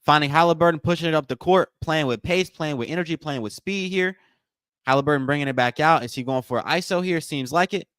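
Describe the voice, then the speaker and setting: A man's voice: a little high, quick pace, a bit bright, clear, resonant tone, no echo, clean studio sound. A man hosting a live watch party stream, giving loose play-by-play commentary and talking straight to his viewers. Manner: casual, repetitive, addresses viewers as y'all.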